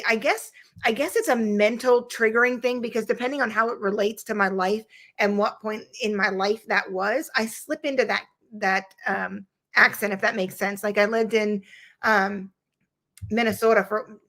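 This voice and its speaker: A woman's voice: medium pitch, pushed and bright. A woman guest in a casual podcast chat, talking in a rambling, playful way.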